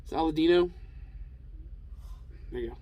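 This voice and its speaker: A truck driver telling a casual, rambling story, with lots of fillers and restarts. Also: male voice, fairly high pitch, normal speed, dull audio.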